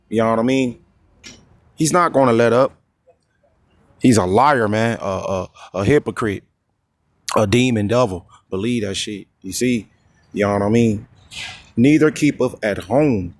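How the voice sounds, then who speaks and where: Profane, fiery male preacher. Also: medium pitch. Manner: reads verses slowly and drawn out; constantly repeats "you see?" and "you know what I mean?". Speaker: street-style preacher.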